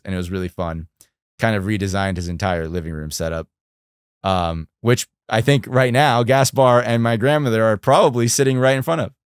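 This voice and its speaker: A young man hosting a casual livestream, chatty and animated, talking to his viewers. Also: fairly low pitch, smooth, no echo, clean studio sound. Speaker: livestream host.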